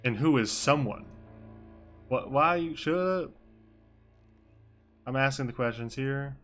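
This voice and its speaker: A man voicing a gruff, pushy male police detective in a clumsy British accent that slides toward southern. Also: medium pitch, takes it slowly, fairly bright tone, soft background music. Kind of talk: voice acting in online role-play.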